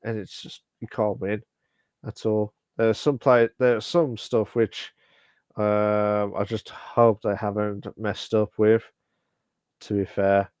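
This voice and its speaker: A man co-hosting a casual podcast, talking in halting bursts with lots of fillers and restarts. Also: fairly low pitch, flat delivery, a little mellow, smooth, no echo. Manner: hesitant, many fillers and restarts. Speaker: podcast co-host.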